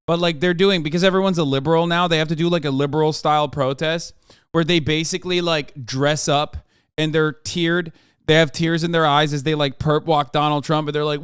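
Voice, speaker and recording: High, smooth-voiced sardonic male streamer. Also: steady tone, fairly quick, a bit bright, no room sound, clean studio sound. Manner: sardonic, profane, mocking. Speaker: streamer host. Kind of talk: casual political reaction commentary.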